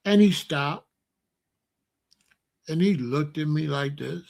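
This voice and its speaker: A middle-aged man, telling folksy stories at a casual, animated pace as the host of an online show, with loud exclamations. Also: a little high, takes it slowly, vocal fry, pauses often. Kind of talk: casual storytelling monologue.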